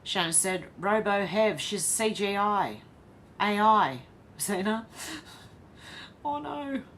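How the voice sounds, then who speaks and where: A woman's voice: medium pitch, takes it slowly, a bit bright, a little hiss or hum. An Australian woman hosting a casual live stream. She reads viewer comments aloud and chats back to them.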